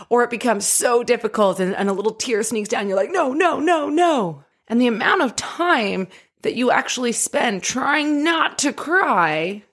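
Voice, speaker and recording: Animated woman life coach. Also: on the high side, a little slow, husky. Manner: animated, laughs often, acts out quotes. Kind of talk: motivational talk.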